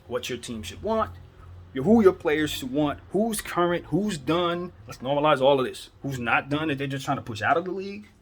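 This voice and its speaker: A man's voice: fairly high pitch, lively intonation, normal speed, husky. A man hosting a basketball commentary show, giving a fired-up, preachy opinion monologue full of rhetorical questions.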